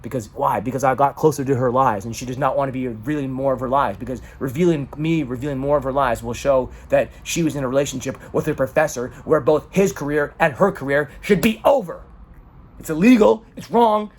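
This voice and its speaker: A man's voice: mid-range voice, fast, hardly any pauses. A man in an emotional personal monologue, talking dramatically and swearing often. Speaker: vlogger.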